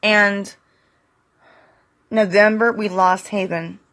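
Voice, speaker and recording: Slow, bright-voiced emotional woman vlogger. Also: mid-range voice, fairly even intonation. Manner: tearful, pleading and defiant; slow, halting delivery with short fragments. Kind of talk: emotional direct-to-camera monologue.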